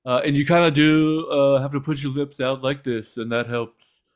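A man's voice: mid-range voice, steady tone, normal speed, smooth. Casual chatty male podcast host. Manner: chatty, self-deprecating, thinks aloud with fillers. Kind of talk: casual chat.

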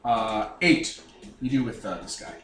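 A man's voice: fairly low pitch, unhurried, a bit bright. A man running a tabletop game as game master, talking casually with fillers and restarts. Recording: echoey room, mic at a distance.

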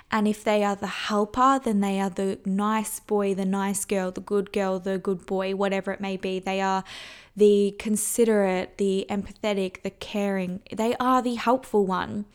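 A young woman hosting a solo podcast, talking candidly and conversationally, sometimes acting out what people say. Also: mid-range voice. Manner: candid, conversational, acts out quoted voices. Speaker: podcast host.

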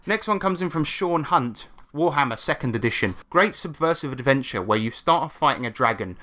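A man co-hosting a casual podcast, telling stories with lots of animation and quick laughs. His voice is bright and forward. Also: medium pitch. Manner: animated storyteller, laughs often. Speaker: podcast co-host. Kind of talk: casual chat, reading out listener stories.

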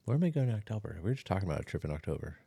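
A man co-hosting a podcast in casual chat, laid-back, chiming in with quick agreements and jokes. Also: low-pitched, sing-song, creaky, mellow, husky, dry recording, clean studio sound. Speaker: podcast co-host.

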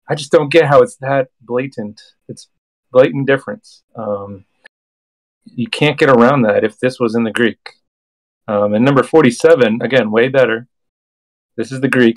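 A man co-hosting a scripture discussion podcast, talking in a relaxed way with many ums and reading passages aloud. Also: mid-range voice, moderate pace, poor audio. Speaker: podcast co-host. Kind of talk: casual scripture discussion with read-aloud verses.

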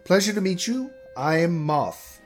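A man voicing a masked female fighter with a smooth voice. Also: high-pitched, big pitch swings, unhurried, soft background music, voice pushed up. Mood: gracious.

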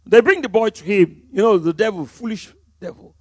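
Male pastor, high husky voice, emphatic sermon delivery. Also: normal speed, no echo. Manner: emphatic, swinging from loud exclamations to hushed storytelling.

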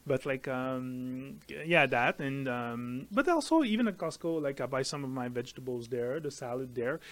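A man's voice: medium pitch, very animated, normal speed, fairly bright tone. A man chatting casually as co-host, hesitant and full of fillers. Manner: hesitant, many fillers and restarts. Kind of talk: casual chat.

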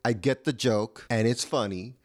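A man co-hosting a casual chat, easygoing and quick to laugh. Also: mid-range voice.

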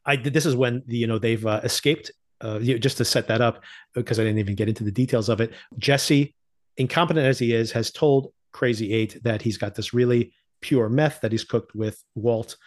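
A man's voice: mid-range voice, moderate pace. Chatty laughing man recapping a show. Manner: animated storyteller, laughs often, acts out quotes. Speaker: podcast host. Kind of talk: casual TV recap chat.

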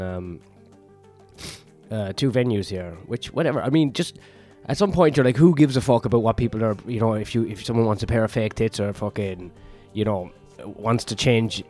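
A man with a fairly low voice rambles through a casual, foul-mouthed rant, peppered with fillers and restarts. He sounds sweaty and worn out, and faint music plays behind him. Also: a little mellow. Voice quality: profane, ranting and rambling, many fillers. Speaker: vlogger.

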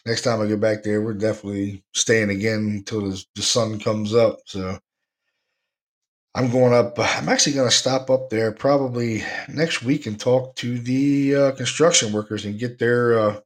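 A man's voice: lowish voice, steady tone, moderate pace. Laid-back, rambling storyteller man. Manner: rambling, laid-back, laughs while telling stories. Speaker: podcast host, paranormal investigator. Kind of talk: casual storytelling.

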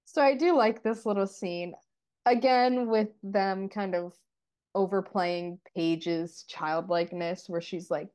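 A woman co-hosting a podcast, casually recapping and discussing a TV episode in a relaxed, chatty way full of fillers. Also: mid-range voice, takes it slowly. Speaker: podcast co-host.

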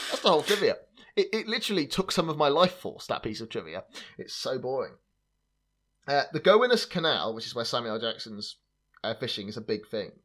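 A man's voice: medium pitch, fairly bright tone. A man hosting a podcast, chatting casually about film trivia in a wry, sarcastic way, with plenty of fillers and laughter. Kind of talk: casual chat.

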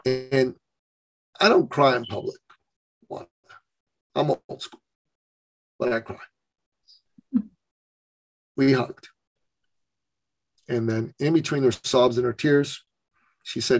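A man's voice: medium pitch, slow, pauses often, low-quality recording. A man, a business coach, telling a personal story as a podcast guest. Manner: gravelly, animated storyteller. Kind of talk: storytelling in an interview.

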